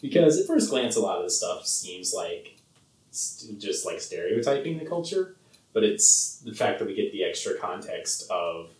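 A man's voice: fairly low pitch, very animated, moderate pace, darkish tone, distant mic. A man co-hosting a podcast, rambling casually about a film with lots of fillers and laughs. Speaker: podcast co-host. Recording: roomy sound from off the mic.

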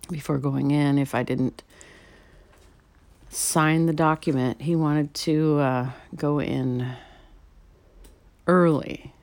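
A middle-aged woman painter talking casually to herself as she sets up, rambling and halting with many fillers, sometimes dropping to a soft whisper. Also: extremely low pitch. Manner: drops to a soft whisper now and then. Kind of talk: casual spoken vlog while setting up to paint.

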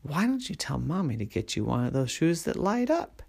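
A man's voice: fairly high pitch, big pitch swings, normal speed, creaky, darkish tone, pitched above the performer's own voice, exaggerated voice. Man doing a teasing little brother, whispered role-play. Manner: teasing, advice-giving.

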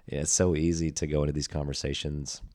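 A male podcast host with an extremely deep voice and a flat, even delivery. He thinks out loud in a reflective, rambling way. He speaks casually to his guest. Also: fast. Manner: reflective, rambling, many fillers and restarts. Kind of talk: casual interview talk.

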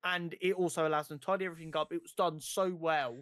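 A man's voice: a little high, quick pace, no echo, studio quality. A man co-hosting a podcast, chatting casually about a film with eager, stumbling restarts. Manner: animated, stumbles and repeats words when excited. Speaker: podcast co-host. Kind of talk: casual film review chat.

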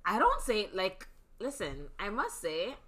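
A woman hosts a casual chat, with a bright, forward voice and pitch that jumps around. She teases her friends and fires back quick comebacks. Her talk stays loose and playful. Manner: teasing, animated, quick comebacks.

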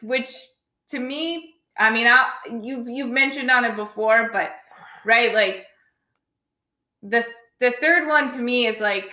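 A woman talks casually about films and rambles, full of "like" and restarts. Her voice is bright and clear. The room has a noticeable echo. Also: fairly high pitch, takes it slowly. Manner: rambling, many likes and restarts. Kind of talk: casual film review chat.

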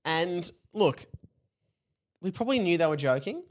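A lively man co-hosting a comedy podcast. His voice sits a little high and swings up and down a lot as he chats loosely, tossing out jokey asides. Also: unhurried. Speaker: podcast co-host. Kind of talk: casual comedy chat, reading a parody novel aloud.

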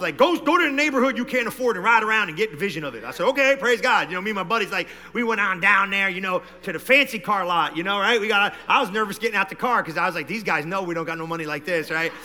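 Male pastor, high and very bright voice, lively sermon delivery with shouted peaks, reverberant hall. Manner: animated preaching, swings from low talk to shouting. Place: church hall.

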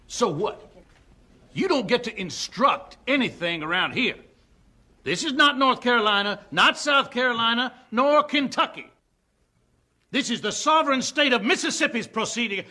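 An actor playing a combative Southern trial lawyer in a film drama, with a heavy drawl and a scornful, booming delivery. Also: male voice, bright, forceful tone, full character voice. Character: forceful middle-aged Southern male trial lawyer, combative.

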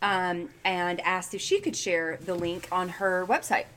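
A woman's voice: on the low side, fairly even intonation, a little slow, fairly bright tone. A middle-aged woman from the Southern United States co-hosting a podcast in casual, chatty talk, laughing often and restarting her sentences. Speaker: podcast co-host. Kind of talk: casual chat.

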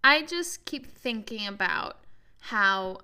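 A woman's voice: medium pitch, animated, takes it slowly, sharp tone, smooth. A woman in her twenties co-hosting a podcast, chatting casually and laughing easily. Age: 20s. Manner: laughs easily, brief agreeing replies. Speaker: podcast co-host. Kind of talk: casual chat.

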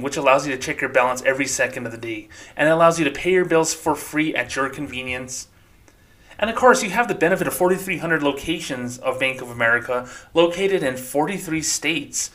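A man's voice: medium pitch, pushed and bright, lightly acted. A man voicing a polite, scripted male bank customer-service rep who reassures and sells.

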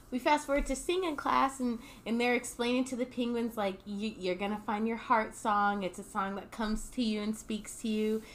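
A woman's voice: a little high, a little hiss or hum. A woman co-hosting a comedy podcast, playfully retelling a movie and acting out the characters' lines. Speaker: podcast co-host. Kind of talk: casual stoner movie recap.

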